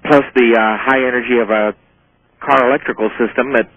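A man's voice: mid-range voice, fairly even intonation, a little fast, no room sound. A man calling in to a radio show, talking hesitantly with many fillers, heard over the phone. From Arizona. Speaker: caller. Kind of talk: call-in radio talk. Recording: tinny phone line.

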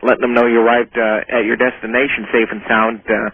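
A man's voice: mid-range voice, level tone, fairly quick, breathy edge, no echo. A man calling in to a radio show, talking hesitantly with many fillers, heard over the phone. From Arizona. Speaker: caller. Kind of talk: call-in radio talk. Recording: tinny phone line.

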